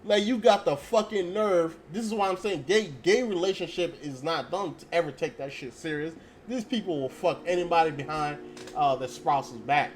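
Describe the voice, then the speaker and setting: High-voiced young man ranting bluntly. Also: normal speed, a little hiss or hum. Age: young adult. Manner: profane, blunt, storytelling with quoted dialogue. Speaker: channel host. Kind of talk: casual ranting monologue.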